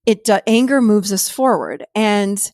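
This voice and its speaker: A woman hosts a podcast and explains things in a relaxed teaching manner. She is animated and slips into little acted-out dialogues. Her voice sits at a middle pitch and is recorded dry and close. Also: a little slow, no echo. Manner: animated, acts out quoted dialogue. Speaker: podcast host and therapist. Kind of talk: casual conversational teaching.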